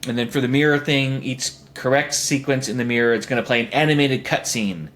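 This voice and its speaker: A man's voice: medium pitch, brisk, a bit bright. A young man co-hosting a podcast, chatting casually and rambling through jokey ideas. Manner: rambling, jokey, puts on silly voices. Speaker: podcast co-host. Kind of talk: casual chat.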